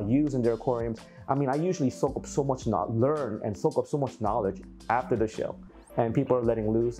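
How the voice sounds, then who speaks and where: Male vlogger, mellow tone, animated storyteller, light music bed. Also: mid-range voice. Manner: animated, acts out quotes, laughs often. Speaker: aquarium hobby YouTuber. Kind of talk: casual storytelling to camera.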